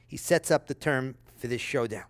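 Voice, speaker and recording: A man preaching a sermon, reading scripture aloud with lively, dramatic delivery and casual asides to his listeners. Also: mid-range voice, normal speed, no room sound, clean studio sound. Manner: conversational asides, checks in with listeners.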